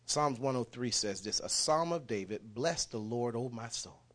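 A man preaching a sermon, folksy and impassioned, swinging from quiet talk to shouting. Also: mid-range voice, lively intonation, normal speed. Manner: folksy, dialect speech.

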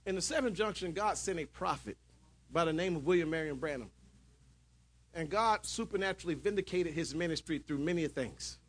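A man preaching a sermon in church, shouting at his peaks and dropping into calmer storytelling. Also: fairly high pitch, a little fast.

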